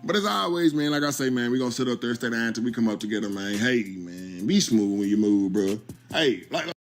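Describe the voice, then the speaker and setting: A man's voice: mid-range voice, animated, fairly quick, faint music behind. A man hosting a casual reaction commentary video, talking loosely and peppering lines with 'bro' and 'you understand me.'. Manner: conversational, repeats 'bro' and 'you understand me'. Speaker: YouTube commentary host.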